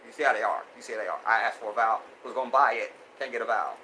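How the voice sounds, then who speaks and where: A man's voice: on the low side, racing, bright, forceful tone, a little hiss or hum, rough recording. A man hosting a casual live stream, reading viewer comments aloud and reacting with lots of laughter and repeated phrases. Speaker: host.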